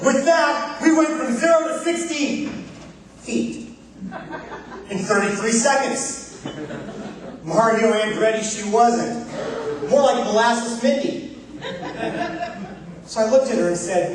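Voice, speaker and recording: A man giving a humorous contest speech on stage, telling a comic story with timed pauses before the punchlines. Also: extremely high pitch, expressive, a crowd in the background. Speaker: contest speaker. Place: large hall, live stage. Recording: echoey hall from far off.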